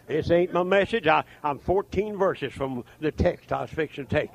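A man preaching a folksy revival sermon, swinging from shouts to hushed asides. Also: fairly high pitch, normal speed, creaky, hardly any pauses.

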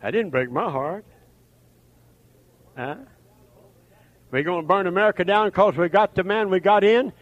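An older man preaching a fiery revival sermon, swinging from shouted, chanting runs down to low, muttered asides. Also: measured pace, long pauses, dry recording, muffled recording.

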